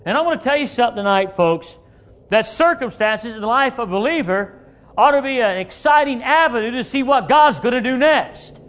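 A man preaching a sermon, animated and acting out the voices he quotes, sometimes rising to shouts. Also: very high-pitched, a little fast.

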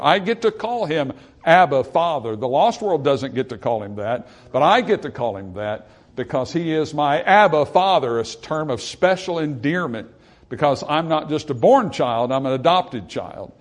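A man's voice: fairly high pitch, expressive, normal speed. A man preaching a sermon, reading scripture aloud and explaining it in a plain, conversational way, with passages that build through repetition and rising emphasis. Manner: plain, conversational asides with fillers.

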